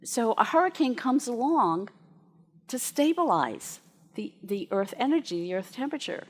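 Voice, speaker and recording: A woman minister giving a sermon to her congregation. She tells stories in a chatty, lively way and laughs as she goes. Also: a little high, normal speed.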